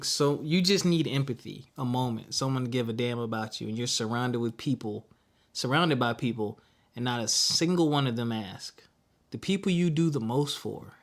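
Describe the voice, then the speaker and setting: A man hosting a podcast, talking in a reflective, heartfelt, earnest way. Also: mid-range voice. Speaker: podcast host. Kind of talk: reflective casual podcast talk.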